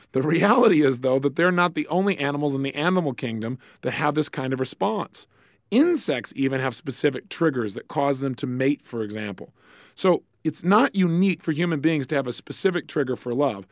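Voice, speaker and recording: A man's voice: a little high, dry recording, studio quality. A man giving a motivational lecture on relationships, acting out short dialogues in a raised voice. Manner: lively, acts out little dialogues with raised voice. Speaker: relationship speaker.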